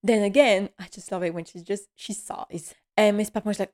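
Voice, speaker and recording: A woman's voice: medium pitch, fairly even intonation, moderate pace, a little mellow. A woman giving a casual episode recap, chatty and laughing often, with many fillers along the way.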